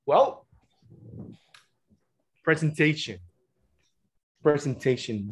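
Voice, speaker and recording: A man runs a teacher-training workshop over a video call. He speaks slowly, and his voice is a little husky. He keeps checking in with his listeners by saying "okay" and "all right" again and again. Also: medium pitch. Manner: repetitive, encouraging, with frequent "all right" and "okay". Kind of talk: online teacher-training session.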